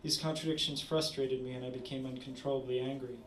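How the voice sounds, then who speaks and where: A man reading his own short story aloud at a literary event, measured with small stumbles. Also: medium pitch, steady tone, a bit bright, slight background noise. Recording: roomy, distant audience recording.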